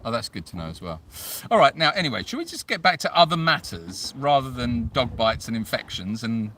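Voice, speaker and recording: A man chats casually on a livestream, teasing and jokey. His voice is bright and lively in pitch. He sits a little away from the microphone. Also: a little fast, recorded from a distance, a little hiss or hum. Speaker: animal sanctuary co-host.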